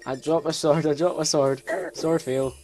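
A man's voice: on the high side, fairly even intonation, normal speed, a little mellow, soft background music. A young Scottish man giving casual, rambling commentary on a video game, self-mocking, laughing often and swearing freely. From Scotland. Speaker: let's play host.

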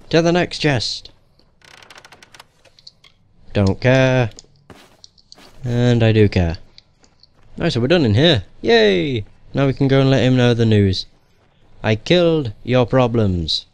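A man's voice: mid-range voice, darkish tone, smooth. A young man giving casual gameplay commentary in a joking, profane, sarcastic way.

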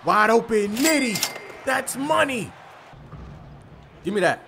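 A man giving excited gameplay commentary, hyping plays and often shouting. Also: very high voice, slow pace, creaky, pauses often, heavy background noise. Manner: hypes plays with frequent shouting. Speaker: gaming video creator.

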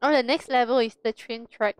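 A woman's voice: fairly high pitch, steady tone, fairly quick, clear, resonant tone, no echo. Giggly young woman gaming streamer. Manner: giggly, playful, mixes in Chinese words. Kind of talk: casual gaming chat.

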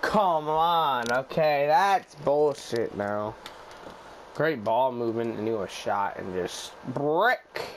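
A man's voice: lively intonation, slow pace, slight background noise. Hyped, swearing young man gaming. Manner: loud, profane, hyped shouting at plays, then low muttering. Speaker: gaming YouTuber. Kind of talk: excited gameplay commentary.

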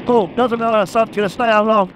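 A man chatting excitedly to a helmet camera while riding a motorbike, laughing often. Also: high voice, fast talker, a little hiss or hum, rough recording. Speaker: motorcycle vlogger. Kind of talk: casual chat while riding. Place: on a motorbike on open country roads. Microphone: helmet-mounted action camera.

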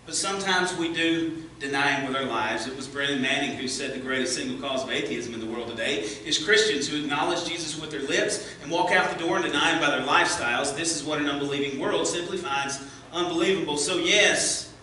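A man preaching a sermon as pastor, earnest, rising as he reads scripture and hushed in prayer, recorded in a church sanctuary. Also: fairly high pitch, a little fast, distant mic, slight background noise. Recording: echoey church from afar.

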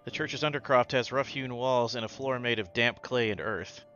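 A man narrating as game master of a tabletop game, in a steady descriptive manner. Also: medium pitch, moderate pace. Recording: dull lo-fi sound with loud music.

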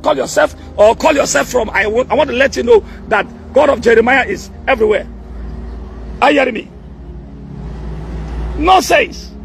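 A middle-aged prophet, speaking in a very high, gravelly voice. He scolds and repeats himself, pressing the listener again and again, with faint music underneath. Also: fairly bright tone. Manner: angry, repetitive, keeps demanding attention. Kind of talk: scolding public message.

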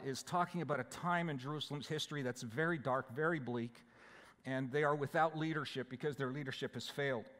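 A pastor delivers a sermon, working through scripture verse by verse in a plain, conversational manner. His fairly bright voice sits a little high for a man, and the sanctuary's long reverb trails after his words.

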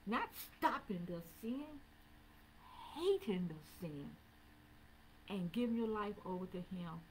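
A woman pastor preaching a sermon in a church, rising into sing-song repeated calls and dropping low to talk plainly with the congregation. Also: a little hiss or hum, low-quality recording. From Southern United States. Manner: preaching with swelling, sing-song emphasis and repetition. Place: church sanctuary, also streamed online.

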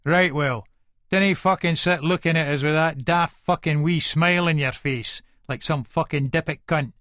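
A volatile Edinburgh hardman, played by a man, narrates an audiobook in a thick Scots accent, aggressive and swearing in every breath. His voice sits a touch high for a man. The recording is close and dry, with no room sound. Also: moderate pace, fairly bright tone, no echo, close to an everyday voice. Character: volatile violent Edinburgh hardman, paranoid and foul-mouthed. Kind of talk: first-person audiobook narration.

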